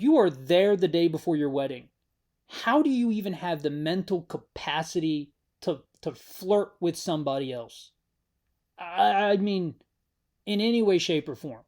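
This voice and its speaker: A man's voice: fairly high pitch, a little mellow. A man giving a casual, rambling spoken recap of a series, wry and talking straight to the viewer. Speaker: show recap host.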